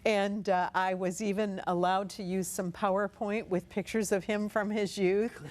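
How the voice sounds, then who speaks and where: A woman's voice: mid-range voice, fairly even intonation, measured pace, darkish tone. A middle-aged woman appearing as a guest on a television talk show, telling a personal story earnestly and from the heart, recorded in a TV studio.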